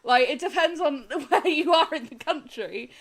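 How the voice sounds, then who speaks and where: A woman's voice: high voice, moderate pace. A woman with a Somerset accent, worn out after a long day, chatting casually on a gaming stream and laughing often mid-sentence. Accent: Somerset English.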